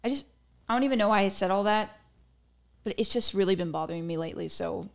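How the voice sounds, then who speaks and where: Gravelly and medium in pitch, this young woman talks fast while hosting her own podcast. It's a relaxed solo chat, loaded with "like" and giggly asides.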